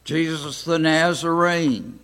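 An older American man teaching a Bible study class, speaking slowly and deliberately with frequent pauses. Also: a little high, fairly even intonation, fairly bright tone. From United States. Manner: slow, deliberate, pausing often.

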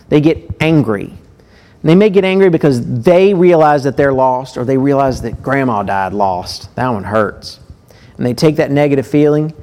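A man preaching a sermon. He reads scripture aloud with lively emphasis and breaks off into chatty asides to his listeners. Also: a little high.

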